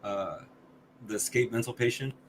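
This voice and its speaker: A man's voice: medium pitch, normal speed, a loud crowd. A man co-hosting a podcast, reviewing a movie in casual chat, blunt and swearing often, with many restarts. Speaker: podcast co-host.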